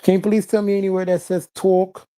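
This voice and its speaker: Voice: mid-range voice, level tone, a little fast, warm tone, no room sound. A livestreamer chatting casually and reading viewers' messages, laughing constantly while teasing them.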